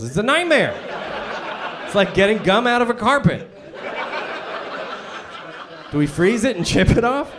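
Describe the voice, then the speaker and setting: A man in his forties doing a high-energy stand-up set on stage before a live audience, ranting with shouted punchlines. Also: background noise. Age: 40s. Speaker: stand-up comedian.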